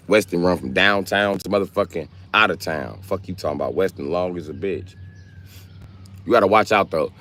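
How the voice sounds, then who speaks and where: A man talks in a deep, low register. He streams live and jokes with his viewers in a brash, profane, trash-talking way. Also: fairly bright tone. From Milwaukee, Wisconsin. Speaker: livestreamer. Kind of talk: casual live-stream chat.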